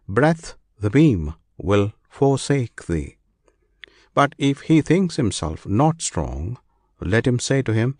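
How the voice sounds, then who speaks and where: A man reading an old scripture aloud as an audiobook narrator, in a measured, solemn recitation. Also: on the low side, dry recording, clean studio sound.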